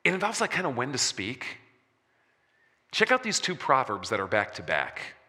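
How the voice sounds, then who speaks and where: A man preaching a sermon as a pastor, slowing for emphasis and dropping soft on key words. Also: medium pitch, wildly swooping pitch. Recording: long reverb of a large hall.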